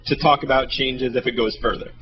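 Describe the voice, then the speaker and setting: A man's voice: medium pitch, steady tone, brisk. A man on a casual live web show, making dry, brief remarks. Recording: dull lo-fi webcast audio.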